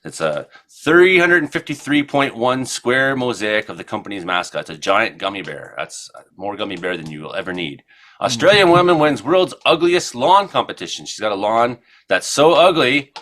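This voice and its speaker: A man in his forties from Ontario hosts a casual radio show. His voice is bright and forward as he rambles from one odd news item to the next, full of "uh" and loose asides. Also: mid-range voice, very animated, normal speed. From Ontario, Canada. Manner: rambling storyteller, many fillers. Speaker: co-host. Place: radio studio.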